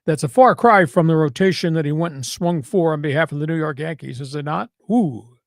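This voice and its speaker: Man, sports podcast host, brash and sarcastic, punchy, slightly high voice, dry close sound. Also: a little fast, gravelly, no room sound. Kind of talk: casual sports talk.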